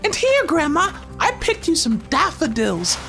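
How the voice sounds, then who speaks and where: A woman's voice: high-pitched, huge pitch swings, unhurried, fairly bright tone, faint music behind, full character voice. A woman voicing an eager little boy. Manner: eager, childlike. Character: small muddy boy, playful. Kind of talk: audio drama acting.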